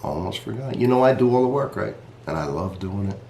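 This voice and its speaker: A man's voice: on the low side, expressive, brisk, vocal fry, warm tone, reverberant. A man reviewing coffee in a casual vlog, chatty and rambling, talking straight to his viewers.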